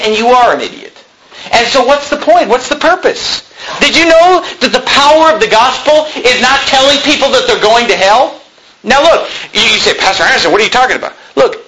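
A male pastor preaching a sermon in an emphatic way, mocking street preachers with loud shouted impressions. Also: very high-pitched, a little hiss or hum, low-quality recording.

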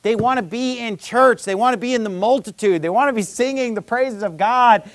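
High-voiced preaching man, emphatic. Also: fairly quick, no echo. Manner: emphatic preaching, quoting scripture with rising intensity. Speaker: pastor. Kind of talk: sermon.

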